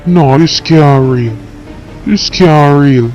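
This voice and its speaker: A man's voice: moderate pace, faint music behind. A man with a Jamaican accent muttering and cursing through a comedic game skit voice-over. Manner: muttering, swears a lot, panics into high yelling. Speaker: skit narrator and game character.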